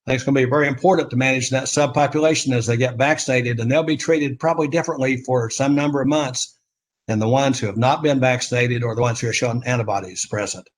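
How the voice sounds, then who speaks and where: A man's voice: mid-range voice, fast talker. A man presenting a product on a webinar, talking plainly and steadily with some fillers.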